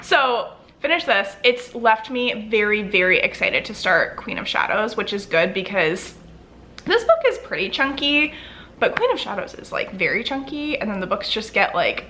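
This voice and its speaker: A woman's voice: mid-range voice, sing-song, moderate pace, sharp tone. A young woman book vlogger talking to camera in a casual, gushing way, full of "like" fillers. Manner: chatty and gushing, many "like" fillers.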